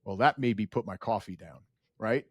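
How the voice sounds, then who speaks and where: A man in his forties, a company founder telling stories as a podcast guest in an earnest, animated way. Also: normal speed, dry recording, clean studio sound. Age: 40s. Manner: earnest, animated storyteller, rises in pitch when emotional. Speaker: guest, data center founder. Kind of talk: podcast interview storytelling.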